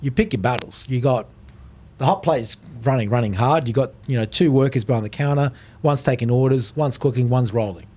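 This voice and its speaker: Animated middle-aged man telling stories. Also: medium pitch, a little fast. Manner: animated storyteller, swears, acts out quoted voices. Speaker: podcast guest. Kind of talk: storytelling in casual chat.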